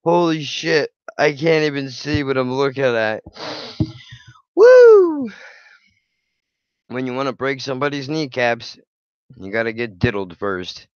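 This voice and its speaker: A man's voice: medium pitch, wildly swooping pitch, a little slow, long pauses, clear, resonant tone, no echo, dull audio. A man hosting his channel, reacting to videos with blunt, profane, sarcastic commentary. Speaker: channel host.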